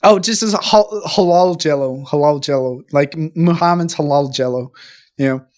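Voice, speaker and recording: A man co-hosting a comedy podcast, rambling and halting through improvised bits with profanity and constant restarts. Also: fairly high pitch. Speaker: podcast co-host.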